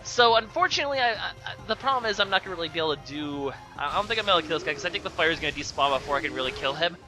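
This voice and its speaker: A man's voice: on the high side, expressive, racing, bright, forceful tone, soft background music. A young man casually commenting over gameplay, rambling with sarcastic asides and plenty of fillers. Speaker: let's play commentator.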